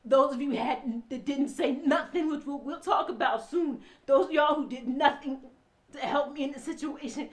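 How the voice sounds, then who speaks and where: A high-pitched woman tells her own story in tears. She swings between near-whispers and loud, forceful outbursts, and her voice stays raw and impassioned throughout. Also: moderate pace. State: crying. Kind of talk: emotional personal testimony.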